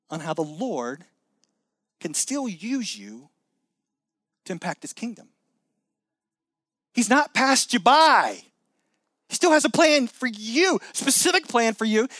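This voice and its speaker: A middle-aged man preaching a sermon, animated, acting out quoted voices with many restarts. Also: extremely high pitch, no room sound. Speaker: pastor.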